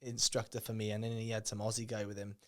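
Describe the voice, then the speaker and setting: A man hosting a podcast as a mindset coach, chatting casually and telling lively stories, acting out quotes and swearing freely. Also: lowish voice, fast talker. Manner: animated storyteller, swears freely, acts out quotes. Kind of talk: casual chat, storytelling.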